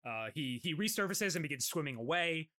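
A man's voice: a little high, expressive, a little fast, sharp tone. A man co-hosting a casual podcast, recapping an anime episode with frequent laughter and lots of fillers. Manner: laughs often, filler-heavy, reads out dub lines. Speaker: podcast co-host.

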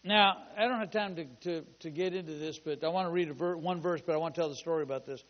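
A man preaching a sermon as pastor, fervent, with shouted declarations and call-and-response. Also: a little high, fast talker. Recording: long hall reverb, dull lo-fi sound.

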